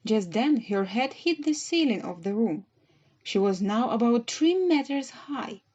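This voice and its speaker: A woman narrating a children's storybook audiobook in a measured, gentle reading. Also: medium pitch, muffled recording.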